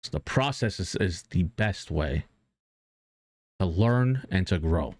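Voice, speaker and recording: A male streamer talks to his chat in a low voice that sounds dry and close. He rambles earnestly about motivation, full of fillers and restarts, with casual swearing. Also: animated, takes it slowly, darkish tone, no room sound.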